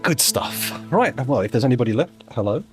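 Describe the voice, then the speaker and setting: A man's voice: mid-range voice, sing-song, brisk, soft background music. A man streaming a game, chatting casually and thinking aloud with dry, self-mocking asides. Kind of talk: casual live-stream commentary while playing.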